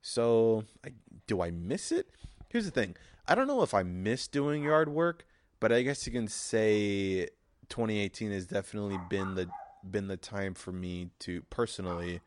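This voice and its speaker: A man's voice: fairly low pitch, lively intonation, normal speed. A young man hosting a casual solo podcast who rambles, restarts, and swears freely. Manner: rambling and profane, with frequent restarts. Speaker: podcast host.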